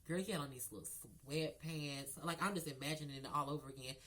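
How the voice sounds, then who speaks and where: A man's voice: on the high side, fairly quick. A man telling a casual storytime to viewers, sassy and gossipy, calling them girl and y'all. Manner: animated with laughs and sudden loud outbursts. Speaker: storyteller vlogger.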